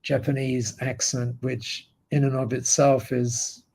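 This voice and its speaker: An Australian man, a podcast guest, telling a story in an animated way with frequent restarts and tag questions. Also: medium pitch, slow, vocal fry. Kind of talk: storytelling in an interview.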